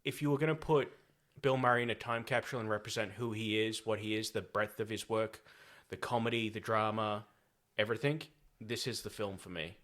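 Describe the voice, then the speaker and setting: An Australian man hosts a casual podcast about films, his voice bright and forceful. He talks in a chatty, joking way, mixing asides and gags into the discussion. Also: on the low side, fairly even intonation, a little fast, hardly any pauses. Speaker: podcast host. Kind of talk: casual film-chat podcast.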